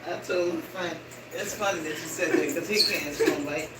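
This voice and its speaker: A man off camera in casual conversation, telling a quick low-key story. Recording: far-off, echoey, very noisy room.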